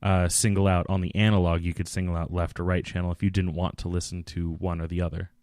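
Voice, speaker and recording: Young man, lowish voice, hesitant explaining, lots of fillers, dry close recording. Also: level tone, fast, darkish tone, dry recording. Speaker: podcast co-host. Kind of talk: casual chat.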